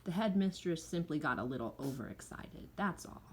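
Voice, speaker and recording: A woman voicing a kind young schoolteacher in a storybook reading, speaking in a soft, measured way. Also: deep voice, animated, a little hiss or hum. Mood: gentle. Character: gentle young female schoolteacher, kind and patient.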